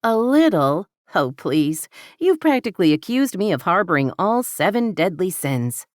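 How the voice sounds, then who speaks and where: Candid young woman read by a woman narrator, earnest and teasing, low-pitched, dry close voice. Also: very animated, moderate pace, no room sound. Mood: confiding.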